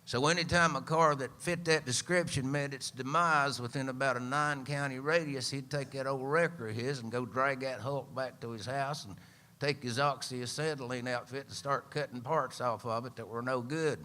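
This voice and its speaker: A man's voice: mid-range voice, steady tone, moderate pace, bright, forceful tone. A man in his seventies with an East Tennessee accent, telling a folksy, dry-humored story live on a radio show. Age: 70s. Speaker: singer-songwriter and storyteller.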